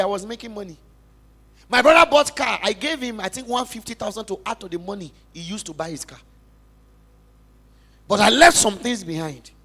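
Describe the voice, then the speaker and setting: High-voiced Nigerian man preaching passionately. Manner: emphatic, passionate preaching with big swings in loudness. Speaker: pastor. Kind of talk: sermon testimony. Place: church.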